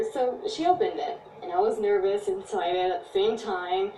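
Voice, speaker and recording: A woman's voice: mid-range voice, moderate pace, dark tone. A teenage girl narrating a personal story about school in an earnest, confiding way. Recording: echoey, distant, slight noise.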